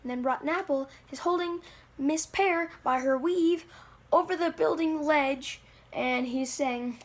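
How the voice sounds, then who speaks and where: High gravelly woman rambling through a story. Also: unhurried. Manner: rambling, self-deprecating, many fillers. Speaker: channel owner. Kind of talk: rambling home-video storytelling.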